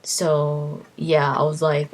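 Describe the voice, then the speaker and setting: A woman casually recounting her video game side quests, animated and full of fillers, sometimes dropping to a whisper for the creepy parts. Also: low voice, takes it slowly. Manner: animated, acts out exclamations, many fillers and restarts. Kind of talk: casual storytelling vlog.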